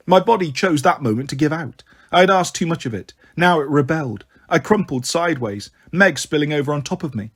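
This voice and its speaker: Male storyteller, slightly raised pitch, expressive first-person audiobook reading. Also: fairly quick, hardly any pauses, slightly rough. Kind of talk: audiobook narration.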